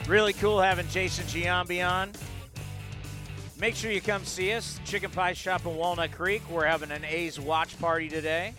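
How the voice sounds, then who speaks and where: A man in his forties hosting a live sports talk show, talking in an energetic, rambling way with lots of asides. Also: high voice, normal speed, music in the background. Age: 40s. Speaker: sports podcast host.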